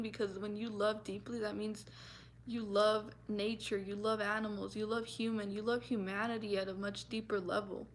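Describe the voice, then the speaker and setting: A woman vlogger speaks earnestly and from the heart to the camera about her feelings, using lots of fillers and restarts. Her voice is medium-pitched and fairly bright, with slight background noise.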